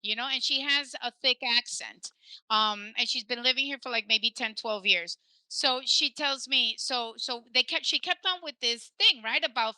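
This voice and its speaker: A woman's voice: on the high side, measured pace, sharp tone, clean tone, no room sound, poor audio. A woman hosting a casual podcast conversation, telling stories animatedly and dropping in Spanish phrases. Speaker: podcast host.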